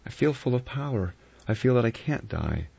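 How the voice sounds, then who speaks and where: A man's voice: very animated, normal speed, gravelly, darkish tone, breathy edge, exaggerated voice. A man voicing a frightened but obstinate young Englishwoman in a raised, strained voice. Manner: high, strained feminine voice put on. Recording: dull lo-fi recording.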